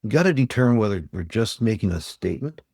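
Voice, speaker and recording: A man's voice: lowish voice, big pitch swings, fast talker, gravelly, darkish tone, slightly rough, no room sound, clean studio sound. An older man from Ontario, Canada, a sales trainer telling plain-spoken customer stories as a podcast guest. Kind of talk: storytelling interview talk.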